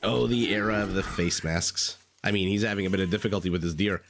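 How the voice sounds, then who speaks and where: A man's voice: low voice, quick pace, slight background noise. A man recovering from a cold, chatting through live game commentary, thinking aloud and greeting viewers. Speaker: game caster. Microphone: desk microphone.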